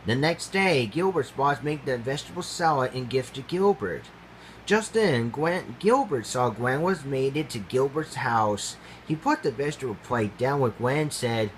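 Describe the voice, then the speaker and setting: A man reading his own animal storybook aloud, halting and ungrammatical. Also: mid-range voice, animated, a little hiss or hum, low-quality recording.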